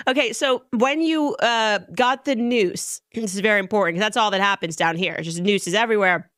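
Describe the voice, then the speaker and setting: Brief: sarcastic, mocking woman interviewer, mid-pitched, dry studio sound. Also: fairly quick, few pauses, fairly bright tone, no echo. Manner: sarcastic, mocking, laughs often. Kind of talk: casual interview.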